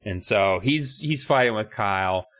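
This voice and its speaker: A man's voice: lowish voice, expressive, measured pace, fairly bright tone. A man co-hosting a podcast in casual chat, recapping a book in a sarcastic, profane, rambling way. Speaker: podcast co-host.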